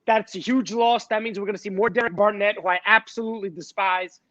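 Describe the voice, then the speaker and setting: A man's voice: high-pitched, fairly even intonation, quick pace, a bit bright, no room sound, highs cut off. A man co-hosting a sports podcast, blunt and dismissive, swearing as he sizes up players. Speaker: podcast co-host. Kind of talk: casual sports chat.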